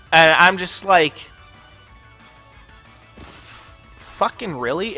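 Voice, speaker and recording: A man's voice: on the high side, bright, forceful tone. A man hosting a gaming channel, telling a long personal story over gameplay in a casual, profane, ranting way full of filler words.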